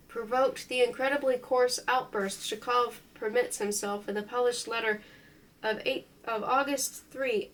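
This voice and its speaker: A woman reading a memoir aloud in an unhurried way, careful and now and then stumbling over foreign names. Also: on the high side, slight background noise, rough recording. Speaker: reader.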